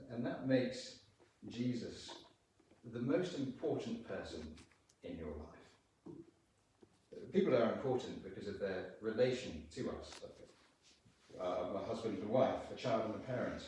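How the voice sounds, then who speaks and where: A man giving an earnest lunchtime sermon in a church, slowing down to stress quoted lines. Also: lowish voice, lively intonation, a little mellow, distant mic, a little hiss or hum. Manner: earnest, with slow emphatic quotations and pauses. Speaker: preacher. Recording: very echoey church from off-mic.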